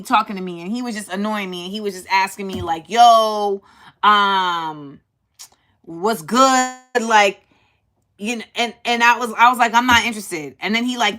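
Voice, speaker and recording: A woman from Harlem, hosting a casual chat and animatedly acting out the people in her stories. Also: medium pitch. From Harlem, New York. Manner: animated, acts out quoted voices. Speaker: host.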